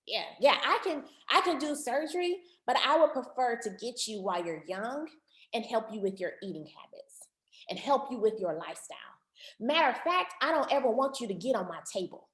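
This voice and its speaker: A woman marriage counselor giving an online workshop talk, animated and repeating words for emphasis, calling her listeners family. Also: a little high, a little fast, roomy sound.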